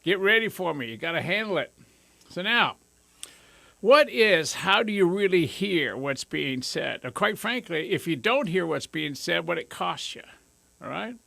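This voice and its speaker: A man hosting a radio talk show in a studio, talking with high energy and joking at his own expense. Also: lively intonation, a little slow, gravelly, pushed and bright, dry recording. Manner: high-energy, jokey, self-amused. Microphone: studio microphone.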